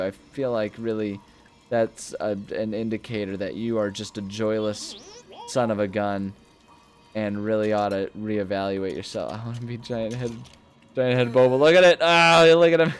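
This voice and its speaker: A young man commenting casually while playing a video game, rambling and easily amused, often breaking into high-pitched laughter. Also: smooth. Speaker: gaming video host. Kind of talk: casual let's-play commentary.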